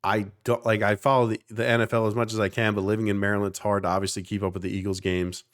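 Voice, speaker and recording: A man's voice: on the low side, level tone, fast talker. A man in his thirties from South Jersey, co-hosting a podcast in a passionate, rambling casual chat with the odd swear for emphasis. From South Jersey, near Philadelphia. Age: 30s. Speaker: podcast co-host.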